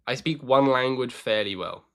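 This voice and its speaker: A man's voice: medium pitch, moderate pace, slight background noise. A young man chatting casually with his live-stream audience while playing chess, joking and answering questions.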